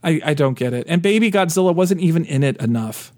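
Rambling, excitable man chatting, dry sound. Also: a little high, fast talker, no room sound. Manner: rambling, animated, many restarts and fillers. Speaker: podcast co-host. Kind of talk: casual chat.

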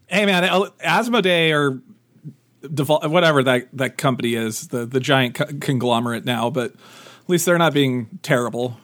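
A man co-hosting a podcast, chatting in a goofy, animated way and often trailing off and restarting. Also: medium pitch, normal speed. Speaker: podcast co-host. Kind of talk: casual chat.

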